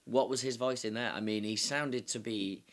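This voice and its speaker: A man's voice: mid-range voice, fairly even intonation, normal speed. A young man in improvised mock true-crime chat, earnestly playing detective. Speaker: improv comedy host.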